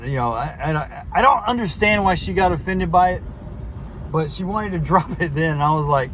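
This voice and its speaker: Male podcast host, casual storyteller, restarts a lot, somewhat high voice. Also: animated, brisk, background noise. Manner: rambling, frequent restarts and fillers, laughs while recounting.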